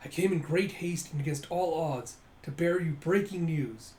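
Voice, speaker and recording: A man voicing a fawning, groveling male servant who is just a decapitated head, in a high whiny voice. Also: moderate pace, darkish tone, roomy sound, natural voice. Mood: frantic.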